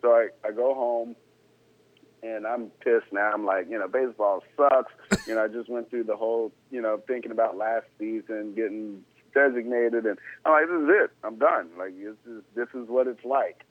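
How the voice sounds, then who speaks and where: A man's voice: fairly low pitch, moderate pace, no room sound. A man's slangy tale on a tinny line. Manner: laid-back, slangy, animated when incredulous. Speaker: former pro baseball player, guest. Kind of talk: casual storytelling interview. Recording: tinny phone-like sound.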